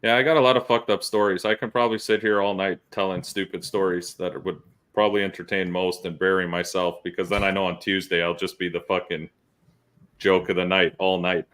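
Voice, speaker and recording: Low-voiced man telling profane stories. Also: fairly quick. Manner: profane, animated storyteller. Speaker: podcast host. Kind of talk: casual storytelling chat.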